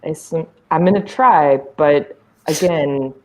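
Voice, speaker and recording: A woman's voice: deep voice, slow pace. A woman with a Southern US accent, a guest in a casual chat, talking hesitantly with many fillers.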